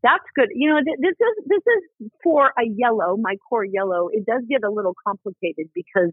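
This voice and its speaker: A host chats casually and reacts with eager little exclamations. The voice is husky and moves up and down a lot, and the recording is close and dry. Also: mid-range voice, lively intonation, no room sound, narrow, tinny audio. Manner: enthusiastic, reacts with quick exclamations. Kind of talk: casual chat.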